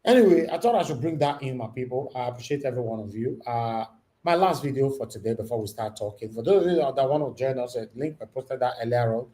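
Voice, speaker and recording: A man's voice: medium pitch, lively intonation, fast, mellow, rough recording. A Nigerian man hosting a livestream, giving indignant commentary and slipping into Pidgin. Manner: indignant, preachy, mixes in Pidgin. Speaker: livestream host.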